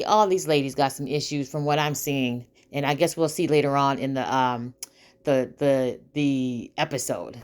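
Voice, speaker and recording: A woman's voice: deep voice, a little mellow. A woman casually recapping a TV episode, chatty, with many fillers and asides to her viewers.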